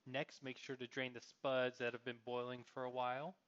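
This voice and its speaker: A man's voice: medium pitch, little pitch movement, normal speed, very noisy. A man giving plain step-by-step cooking instructions in a voice-over. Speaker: cooking vlogger. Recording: dull lo-fi voice-over.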